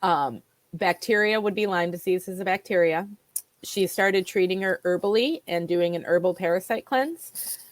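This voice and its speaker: A woman guest telling her own health story in a chatty, animated way, often restarting her sentences. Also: fairly low pitch, normal speed, no room sound. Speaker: guest, nutritional therapy practitioner. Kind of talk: conversational personal storytelling.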